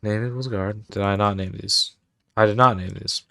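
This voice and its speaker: Low gravelly guy streaming his dev work, dry close sound, mumbles commands while typing. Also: steady tone, normal speed, bright, forceful tone, no echo. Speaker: streamer and game developer. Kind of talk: casual livestream commentary.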